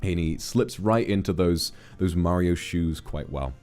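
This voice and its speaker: A man hosting a livestream, giving a casual film review in an animated, rambling way, often correcting himself mid-sentence. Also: low-pitched, unhurried, faint music behind. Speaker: streamer host.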